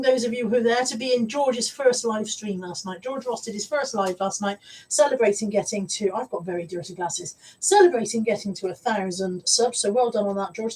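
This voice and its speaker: Husky-voiced woman rambling on a live stream. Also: medium pitch, darkish tone, far from the mic, rough recording. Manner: rambling and chatty, greeting viewers. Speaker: live-stream host and reseller. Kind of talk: casual live-stream chat.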